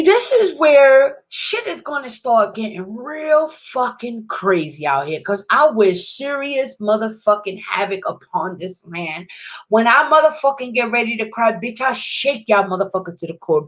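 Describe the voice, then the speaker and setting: A woman delivering an angry, profane monologue to camera, swinging between loud outbursts and low muttering. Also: big pitch swings, moderate pace. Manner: heated, profane ranting.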